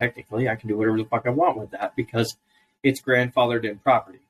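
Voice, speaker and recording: A man's voice: mid-range voice, fairly even intonation, fast, slight background noise. A man on a casual podcast, ranting in a profane, storytelling way. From Idaho, US. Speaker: co-host.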